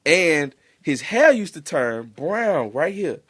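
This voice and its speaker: In a loose chat among friends, a young man holds the floor with a high voice that climbs and drops all over the place. He is profane and animated, and laughter keeps breaking into his stories. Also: slow, breathy edge. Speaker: podcast co-host.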